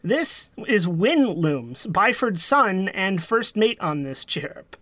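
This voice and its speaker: A man narrating a tabletop horror game as game master, in a measured, descriptive way. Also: high-pitched, very animated, sharp tone, dry recording.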